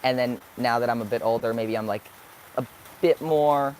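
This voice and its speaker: A late-teen guy chatting on a live stream, working through his answers out loud and pausing to find the right words. His voice sits in an ordinary middle register, upbeat with flashes of excitement. Faint background noise sits under the voice. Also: medium pitch. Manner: thinking aloud, searching for words; upbeat, sometimes hyper. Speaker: vlogger. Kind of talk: live stream chat answering viewer questions.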